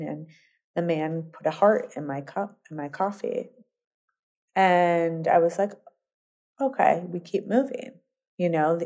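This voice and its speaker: A middle-aged woman talks through a business story in a rambling, animated way, circling back with fillers and restarts. Her voice sits a little low and sounds mellow and warm. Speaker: guest entrepreneur. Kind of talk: casual interview storytelling.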